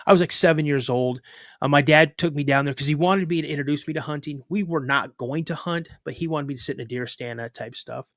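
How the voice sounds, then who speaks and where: A man's voice: a little high, fast, fairly bright tone, dry recording, clean studio sound. A man in casual conversation, animatedly retelling a personal story with frequent restarts. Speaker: podcast guest, cryptid researcher.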